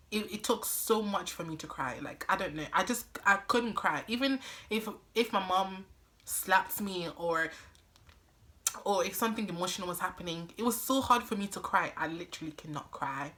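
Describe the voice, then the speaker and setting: Bright, animated storytelling young woman. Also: medium pitch. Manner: animated, dramatic retelling with acted-out quotes. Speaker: vlogger. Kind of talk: storytime vlog.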